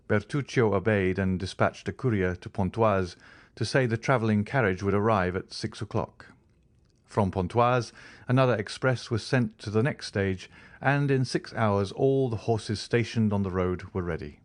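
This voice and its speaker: A man narrating a classic novel as an audiobook in a steady storytelling manner. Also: lowish voice, moderate pace, dry recording.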